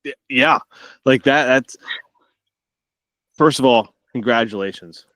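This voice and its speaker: A man's voice: medium pitch, takes it slowly, a bit bright, no room sound. A man hosting a podcast who chats easily, affirms his guest and asks follow-up questions. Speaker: podcast host. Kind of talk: casual interview chat.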